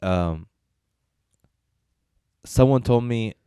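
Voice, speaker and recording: A man's voice: medium pitch, very slow, warm tone, clear, resonant tone, no room sound, studio quality. A man co-hosting a casual film review chat, rambling and hesitant with many fillers and restarts. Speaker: podcast co-host reviewing films.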